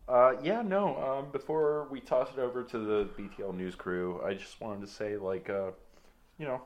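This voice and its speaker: A man's voice: medium pitch, moderate pace. A man co-hosting an improv comedy podcast in a dry, easygoing way, with a sore throat. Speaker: podcast co-host.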